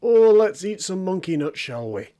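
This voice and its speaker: A man voicing a lazy, greedy male bear in a comic voice-over, murmuring low and drowsy about food and naps. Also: big pitch swings, normal speed, mellow. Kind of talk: comic voice-over of animal footage.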